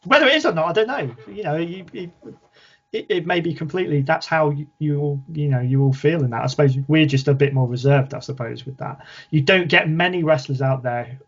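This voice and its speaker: A man with a British English accent, chatting as a podcast guest in a relaxed, self-deprecating way that often trails off softly. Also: on the high side, brisk, lo-fi sound. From England. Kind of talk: casual interview chat.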